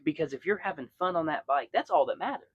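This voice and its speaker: A man's voice: a little high, lively intonation, fast talker, husky, no echo, dull audio. A young man hosting a podcast, chatting casually in a rambling way with many restarts and fillers. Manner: rambling, lots of restarts and fillers, storytelling with quoted voices. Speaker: podcast host. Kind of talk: casual chat.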